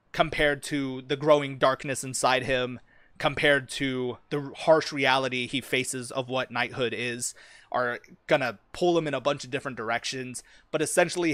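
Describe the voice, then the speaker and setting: A man's voice: mid-range voice, steady tone, moderate pace, fairly bright tone, no echo. A young man streaming, chatting casually and with plenty of swearing about the fantasy story he is writing, full of ums and likes.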